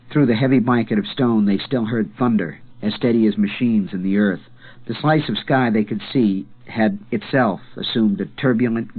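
A man narrates a novel in a low, measured voice, leaning into dramatic pauses. The sound is thin and narrow, like audio over a telephone line. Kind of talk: scripted narration. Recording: tinny phone-like sound.

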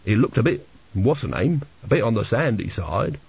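Guy doing a vague rambling old dad, husky, kinda dull lo-fi audio. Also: on the low side, big pitch swings, normal speed, darkish tone, no room sound, exaggerated voice. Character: muddled, easygoing old father.

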